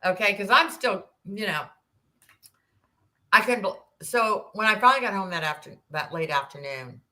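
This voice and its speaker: Woman, 60s, podcast guest, bright tense voice, animated storytelling. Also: medium pitch, moderate pace. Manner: animated, acts out quoted dialogue, rambling restarts. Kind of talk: personal storytelling in an interview.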